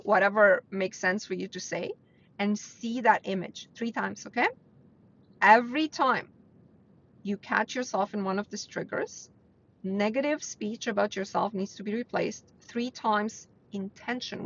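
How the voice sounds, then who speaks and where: On her weekly mindset livestream, a woman with a mid-range, fairly bright voice talks at normal speed. She is blunt and earnest with viewers, lifting her voice to drive points home, over dull lo-fi audio.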